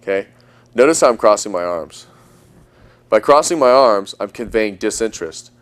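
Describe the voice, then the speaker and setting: A man giving dating advice as a coach, talking emphatically and using long pauses for effect. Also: fairly low pitch, expressive. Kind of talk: instructional talk.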